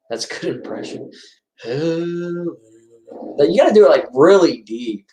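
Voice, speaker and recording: Excitable male film commentator, slightly high voice, rambling, roomy echo. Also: measured pace. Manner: chatty, excitable, rambling with restarts. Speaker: movie commentator. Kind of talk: casual movie commentary. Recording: echoey room.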